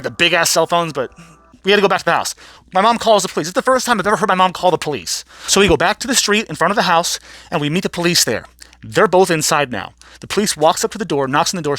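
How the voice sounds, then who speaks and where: A man's voice: sits high, pushed and bright. A man hosting his vlog, telling a casual, profane, rambling story and acting out what people said. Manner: profane, rambling, acts out quotes. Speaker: vlogger host.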